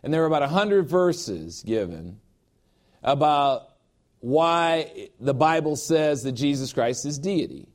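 A pastor preaching a sermon in an emphatic, emotional way, with personal asides and repeated phrases. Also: male voice, on the high side, expressive, slow pace.

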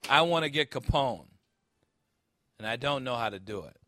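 A man voicing a principled young federal agent in a plain, measured way. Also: medium pitch, animated, pushed and bright, no echo, studio quality. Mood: earnest.

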